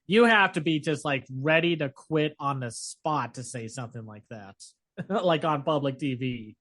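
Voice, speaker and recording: A man co-hosting a podcast in casual chat, talking in an animated way with many fillers. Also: on the high side, a little slow. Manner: chatty, animated, lots of fillers. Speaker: podcast co-host.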